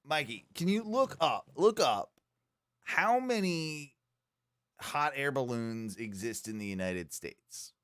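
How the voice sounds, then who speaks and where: Man, podcast co-host, casual animated storytelling, lively swooping pitch, smooth clear voice, dry close mic. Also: slow pace, no echo. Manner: animated storytelling, frequent fillers and restarts.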